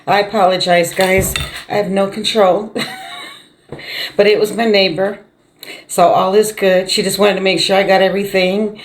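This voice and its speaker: A woman's voice: mid-range voice, steady tone, normal speed, long pauses. A middle-aged woman vlogging at home, chatting casually while she eats, laughing often and murmuring between bites. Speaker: mukbang vlogger. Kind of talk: casual chat while eating.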